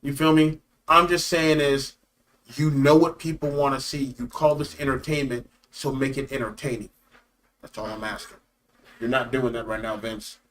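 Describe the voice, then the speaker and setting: A man co-hosting a casual wrestling review chat, animated and joking, slangy and full of repeated phrases. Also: medium pitch, moderate pace, a little hiss or hum. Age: adult. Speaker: co-host of a wrestling review show.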